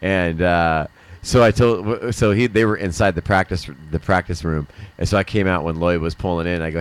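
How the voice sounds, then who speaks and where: A man's voice: low voice, fairly even intonation, normal speed. A man hosting a casual live stream chat, telling rambling stories full of swearing and mock accents. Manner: rambling storyteller, swears a lot, mimics accents.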